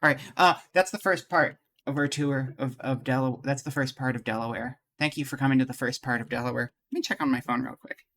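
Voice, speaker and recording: A man's voice: medium pitch, fairly even intonation, a little fast, few pauses, a bit bright, slight background noise. A man streaming live, chatting casually with his viewers, rambling and joking as he thinks aloud and greets people from chat.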